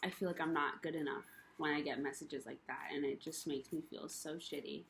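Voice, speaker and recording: Low-voiced young woman venting. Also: steady tone, fairly quick, vocal fry, fairly bright tone, slight background noise. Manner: rambling, confessional, many fillers; emotional, frustrated. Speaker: vlogger. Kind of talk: personal rant to camera.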